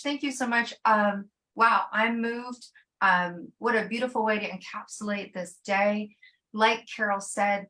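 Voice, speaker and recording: A woman hosting an online summit, effusive and warm in her thanks, with many fillers. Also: medium pitch. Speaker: summit host.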